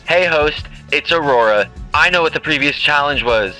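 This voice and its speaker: A man's voice: on the high side, animated, moderate pace, bright, forceful tone, faint music behind, rough recording. A man voicing a chipper young woman contestant who is perky and eager, in a comedic audio drama.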